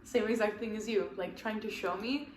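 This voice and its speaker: A woman's voice: mid-range voice, normal speed. Candid, heartfelt woman guest. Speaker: podcast guest. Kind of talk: casual chat. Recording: roomy echo with faint background noise.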